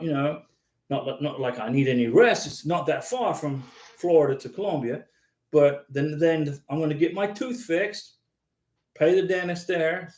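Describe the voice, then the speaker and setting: A chatty American host of a live visa advice stream reads viewer comments aloud and responds to people by name, rambling and repeating himself along the way. His voice is a little high and slightly mellow, heard in an echoey room.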